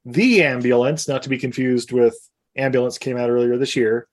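A man's voice: medium pitch, fairly even intonation, normal speed. A man co-hosting a casual podcast chat, chuckling often as he runs through film credits with joking asides. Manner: laughs often, lists film titles with asides. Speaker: podcast co-host.

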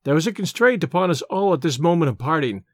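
A man narrating an old novel in a measured, literary first-person reading. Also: fairly high pitch, expressive, no echo, clean studio sound. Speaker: audiobook reader. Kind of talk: scripted narration.

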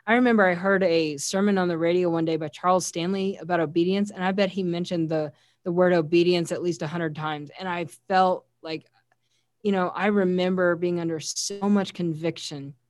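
A woman's voice: lowish voice, steady tone, normal speed, no echo. A woman giving an earnest, heartfelt faith testimony as an interview guest, often quoting scripture. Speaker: guest sharing a personal testimony.

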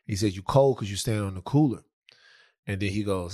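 A man's voice: fairly low pitch, fairly quick. A man co-hosting a casual chat, telling a story with lots of laughter, acting out the people he quotes. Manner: animated, laughing, acts out quotes, profane. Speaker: podcast co-host. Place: Brooklyn, New York.

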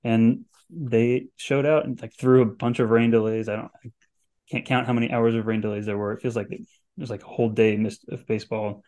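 A man's voice: mid-range voice, fairly even intonation, brisk, a little mellow. A man co-hosting a college baseball podcast in casual chat, with a rambling flow full of "like.". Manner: rambling, many "like" fillers. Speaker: podcast co-host.

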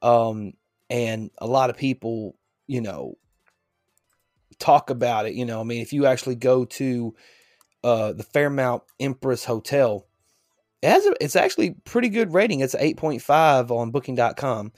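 Man, mid-pitched voice, dry close-mic sound, faint background music, rambling jokey podcast chat. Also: animated, moderate pace, darkish tone, no echo. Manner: rambling, joking, lots of fillers. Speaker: podcast host. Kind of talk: casual chat.

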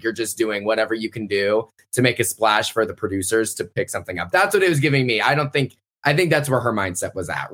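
A man's voice: mid-range voice, a bit bright. A man co-hosting a podcast in casual chat, laid-back and slangy, laughing often. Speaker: podcast co-host.

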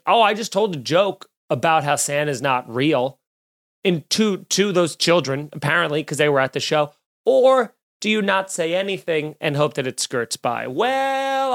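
A male comedian hosts his own podcast, spinning a long anecdote in casual, profane chat. His voice sits a bit high for a man. He jumps into quick impressions of the people in his story. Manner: animated, swearing, acts out quoted voices.

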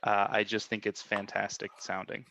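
A man's voice: on the low side, flat delivery, moderate pace, vocal fry, bright, forceful tone. A man co-hosting a podcast, asking joking, teasing questions in a casual interview. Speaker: podcast co-host. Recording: dull lo-fi remote line.

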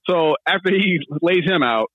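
A man hosting a podcast, telling a story in a casual, animated way and acting out what others said. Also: sits high, moderate pace, dry recording, narrow, tinny audio. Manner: animated, laughing storyteller, acts out quotes. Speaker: podcast host.

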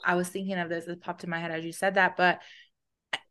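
A woman's voice: lowish voice, little pitch movement, quick pace, bright, forceful tone. A woman co-hosting a podcast in casual chat, reflective and plainspoken, thinking aloud. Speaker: podcast co-host.

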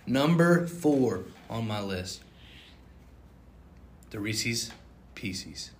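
A young man co-hosting a casual chat, animated and prone to sudden loud outbursts. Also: medium pitch, drawn-out words, a little hiss or hum. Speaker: co-host.

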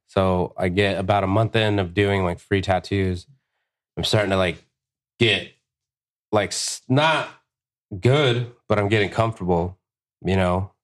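A deep-voiced man swapping shop stories as a guest on a podcast. He swears freely and leaps into his own retellings of what people said, jumping up in pitch for the punchlines. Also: measured pace, pauses often. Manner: profane, animated, acts out quotes. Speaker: tattoo artist guest. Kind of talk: casual storytelling.

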